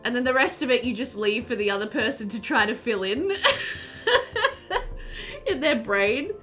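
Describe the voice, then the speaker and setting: A woman's voice: on the high side, expressive, a little slow, sharp tone, soft background music. A woman streamer chatting casually and animatedly with viewers while playing a game, often laughing.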